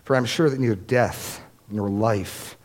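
A man's voice: lowish voice, a little slow, a little mellow. A man preaching a sermon as pastor, earnest, repeating phrases for emphasis and lifting his voice on key lines.

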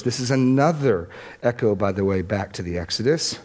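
A male pastor delivering a sermon in an earnest tone, voice at an ordinary middle pitch. He repeats phrases for emphasis and lifts his voice on key lines. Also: normal speed, darkish tone.

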